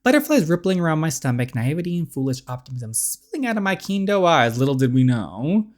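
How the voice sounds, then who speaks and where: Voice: medium pitch, sing-song, fairly quick, pitched above the performer's own voice, natural voice. A reader voicing a poised young woman back from a coma, with dramatic, wistful inner monologue.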